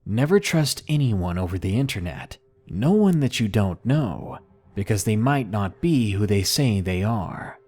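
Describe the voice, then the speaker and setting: A man reading submitted horror stories aloud in a measured, somber first-person narration. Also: lowish voice, sing-song, darkish tone.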